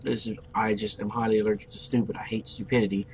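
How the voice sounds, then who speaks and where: A young man narrating his online game play, telling a loud, profane story about a fight. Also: on the low side, level tone, quick pace, a little hiss or hum. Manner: brash, profane, boastful storyteller. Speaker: gameplay commentator. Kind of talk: casual let's play storytelling.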